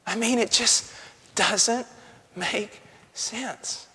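A male pastor preaching a sermon with passion, dropping to a hush and then rising to a shout. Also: high voice, drawn-out words, long reverb tail. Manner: impassioned, swings from hushed to shouting.

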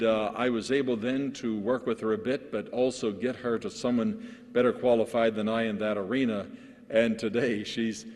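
A man who is a pastor, preaching a sermon to other pastors in a lively storytelling way, with frequent restarts. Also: mid-range voice. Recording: long hall reverb.

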